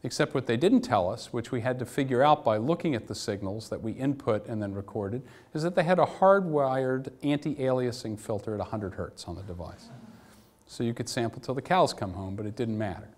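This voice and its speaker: A middle-aged man giving a conference lecture in an animated, anecdotal way with wry asides. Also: medium pitch, fairly quick. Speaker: academic lecturer. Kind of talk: conference talk. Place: lecture hall.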